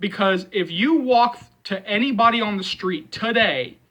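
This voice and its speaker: Man, high bright voice, casual movie vlog, rambling, lots of fillers. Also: normal speed, poor audio. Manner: rambling, repeats himself, many fillers; emphatic, reassuring fans. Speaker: movie channel host.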